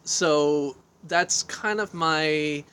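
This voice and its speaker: A man's voice: fairly high pitch, extremely slow, bright, forceful tone, smooth. A man hosting a casual livestream from an outdoor deck, talking into a phone on a selfie stick. He rambles, makes fun of himself and answers viewer questions as he reads them. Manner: rambling, self-deprecating, reads and answers chat aloud.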